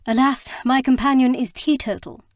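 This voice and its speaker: A woman's voice: high-pitched, moderate pace, no room sound, studio quality, voice pushed up, natural voice. A woman voicing a jovial, mocking aristocratic man who teases his half-sister. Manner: teasing and boisterous.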